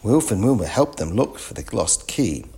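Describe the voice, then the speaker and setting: A man narrating a children's storybook in a clear, expressive reading. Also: fairly low pitch, moderate pace.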